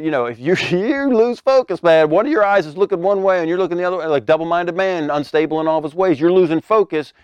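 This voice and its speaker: A man preaches a conversational sermon with animation, acting out scenes in sudden loud bursts and laughing often between phrases. His smooth voice is on the high side, with no room sound.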